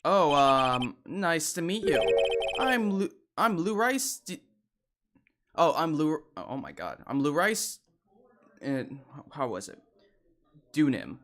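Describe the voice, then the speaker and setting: Woman reading as a loud stammery goofy young dude in a video game, very low voice for a lady, bouncy delivery, loud game music under it. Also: very animated, takes it slowly, long pauses, background noise, full character voice. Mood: flustered. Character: goofy excitable young man, lovestruck.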